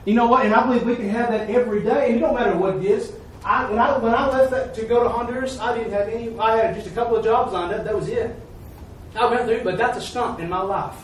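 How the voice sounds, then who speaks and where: High pitched guy preaching a folksy testimony, does all the voices, far from the mic in an echoey church. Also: fast talker, slight background noise. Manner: folksy, acts out quoted dialogue. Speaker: lay preacher. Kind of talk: storytelling sermon testimony. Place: church service.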